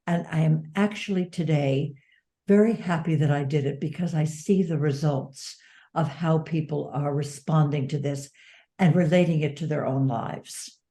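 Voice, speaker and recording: Low mellow-voiced woman, author guest on an interview, earnest and reflective. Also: normal speed. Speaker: author and dementia advocate, guest. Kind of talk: conversational interview.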